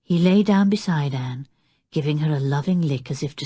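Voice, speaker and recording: A woman narrating an audiobook with expressive storytelling. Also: low-pitched, normal speed, husky, dry recording, studio quality. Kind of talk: scripted narration.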